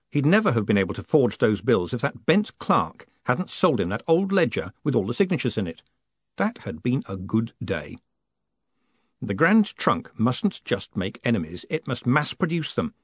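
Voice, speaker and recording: Man reading an audiobook, very expressive. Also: mid-range voice, moderate pace, breathy edge, no room sound. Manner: expressive, wry, dramatic reading. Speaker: audiobook narrator. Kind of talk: audiobook narration. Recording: dry, slightly muffled audiobook recording.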